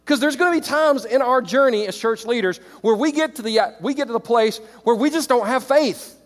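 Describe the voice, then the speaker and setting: A middle-aged man preaching to church leaders, animated, swinging between loud exclamations and quiet reflective stretches. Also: extremely high pitch, brisk. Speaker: pastor. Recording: reverberant hall.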